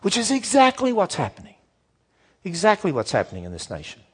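A man giving a sermon-style talk to a church audience, emphatic and animated, firing off rhetorical questions and acting out the objections people raise. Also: high voice, a little fast, slightly rough. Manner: acts out quoted objections in shifting voices; emphatic, repetitive build-ups. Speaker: Christian speaker addressing a church audience.

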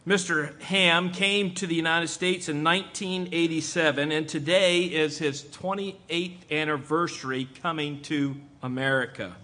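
Bright-voiced man reading a formal introduction. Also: fairly high pitch. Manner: measured and formal. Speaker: host introducing a speaker.

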